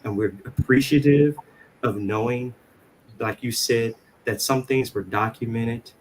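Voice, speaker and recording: A man on a discussion panel, talking casually and haltingly, often restarting and repeating words. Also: mid-range voice, slight background noise. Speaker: panelist on Cherokee language.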